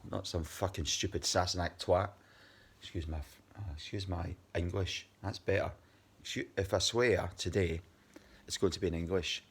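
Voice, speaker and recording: Speaking at a moderate pace in a low voice with a breathy edge, a worn-out Scotsman in his fifties vents in his video diary. He rambles angrily and swears a great deal.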